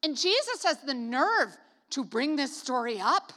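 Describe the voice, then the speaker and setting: A woman's voice: high voice, big pitch swings, measured pace, pushed and bright. A Canadian woman preaching a casual sermon, chatty and joking with lots of "like" asides. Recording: reverberant hall.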